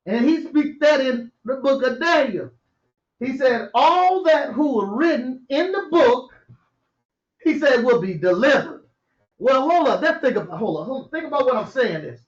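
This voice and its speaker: A man teaching scripture like a preacher. He reads verses slowly and then explains them in a casual, conversational way, often chuckling to himself. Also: very high-pitched. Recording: roomy, dull lo-fi audio.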